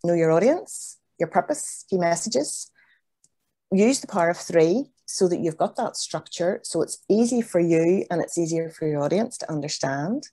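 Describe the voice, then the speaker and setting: A woman's voice: fairly low pitch, lively intonation, moderate pace, mellow. A middle-aged woman, giving an earnest, encouraging online talk as a business coach over a video call. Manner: earnest, encouraging, repeats points for emphasis. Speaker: business coach, guest speaker.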